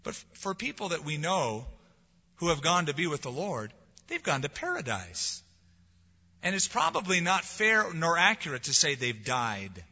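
A man preaching a sermon as pastor, rising to loud emphasis and dropping to quiet lines. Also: on the high side, big pitch swings, moderate pace, husky, in a large hall, highs cut off. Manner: preaching with swelling emphasis and soft drops.

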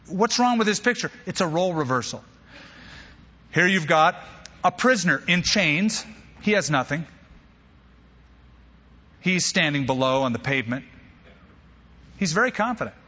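A man preaching with a lively, bright voice that rises a little high, slightly husky at the edges. He tells stories with playful asides. The sound is dull and lo-fi, with a long hall reverb. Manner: animated storyteller with humorous asides. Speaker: pastor. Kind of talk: sermon.

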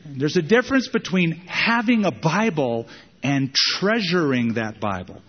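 Pastor preaching in a reverberant church. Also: male voice, lively intonation, unhurried, husky, highs cut off. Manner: conversational, repetitive emphasis, dramatic pitch jumps. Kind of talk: sermon. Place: church sanctuary with pulpit.

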